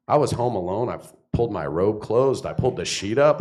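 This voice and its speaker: A man's voice: on the low side, a little fast, hardly any pauses. A man doing a stand-up comedy set on a club stage, telling stories with lots of swearing and acted-out quotes. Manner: profane, animated storytelling with acted quotes.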